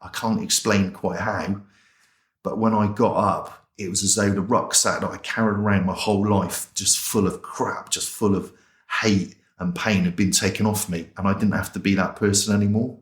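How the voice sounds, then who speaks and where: A lowish, fairly even voice at a moderate pace carries through a reverberant space. The speaker is a chaplain from England, an interview guest recounting his personal testimony as a story in plain, colloquial language and acting out remembered dialogue.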